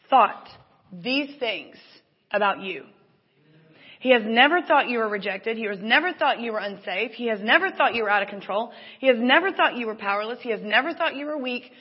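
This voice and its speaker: A woman's voice: a little high, breathy edge. Woman preaching in a reverberant hall. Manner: animated storytelling, acts out her own inner voice. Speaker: church speaker. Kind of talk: sermon with a personal story. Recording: dull lo-fi recording with long hall reverb.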